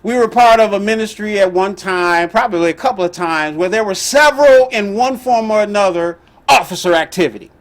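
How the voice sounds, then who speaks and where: A middle-aged man telling a personal story as the host, animated and emphatic. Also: sits high, fairly quick, few pauses, a little hiss or hum. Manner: animated, emphatic, with laughs and outbursts.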